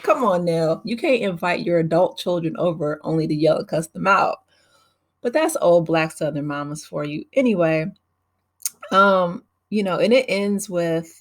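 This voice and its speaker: A woman vlogger recapping a reality show in casual, chatty talk, with lots of "you know" fillers and opinionated asides. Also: on the low side.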